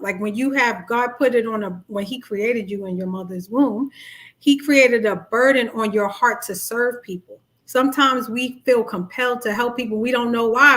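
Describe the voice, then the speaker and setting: Chatty woman coach, animated and high-pitched. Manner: chatty, animated, acts out quoted dialogue in high voices. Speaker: life coach. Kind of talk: live-stream talk on narcissistic abuse.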